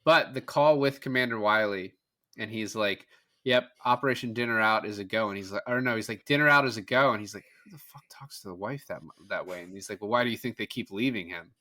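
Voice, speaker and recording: A man with a bright, forward voice talks through a film with friends in easy, animated chat. He keeps slipping into quick quoted snippets of the characters as he retells scenes, with plenty of casual fillers. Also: fairly low pitch. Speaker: podcast guest.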